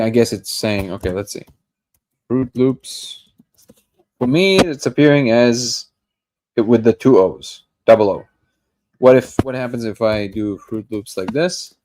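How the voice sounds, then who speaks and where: A man's voice: medium pitch, expressive, measured pace, long pauses, a little mellow, a little hiss or hum. A man hosting a daily live discussion, thinking aloud as he reacts to a video clip, often restarting and tripping over his words. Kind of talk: casual live commentary while watching a clip.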